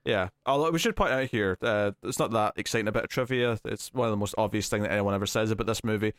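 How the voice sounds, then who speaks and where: A man co-hosting a podcast, chatting casually about a film and often pausing to restart his sentences. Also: on the low side, fairly bright tone, smooth, no room sound, clean studio sound. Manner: rambling, hesitant, with frequent fillers and restarts. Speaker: podcast co-host. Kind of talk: casual film review chat.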